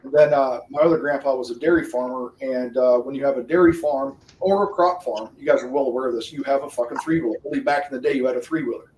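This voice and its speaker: A mid-range male voice, slightly mellow, talks fast and barely pauses while hosting a livestream full of cursing, laughter and rambling chat with viewers. The mic sits at a distance, giving a roomy sound.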